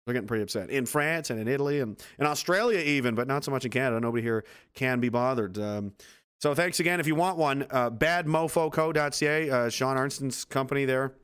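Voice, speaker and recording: A man's voice: mid-range voice, a little fast, fairly bright tone, clear, resonant tone. Sarcastic, foul-mouthed man streaming. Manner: sarcastic and profane, rambling asides. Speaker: livestream host reading viewer comments. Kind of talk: casual livestream chat. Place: at home base on a hot day.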